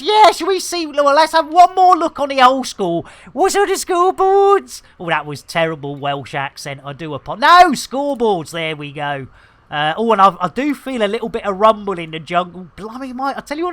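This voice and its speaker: Bright, jokey British streamer man. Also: sits high. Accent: British English. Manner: chatty, jokey, excitable exclamations. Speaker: game streamer. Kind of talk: casual live-stream chat.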